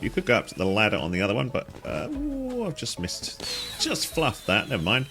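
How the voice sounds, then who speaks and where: A man giving casual commentary on a game he is playing, chatty and easily delighted, with frequent exclamations. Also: fairly low pitch. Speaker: gaming guide host.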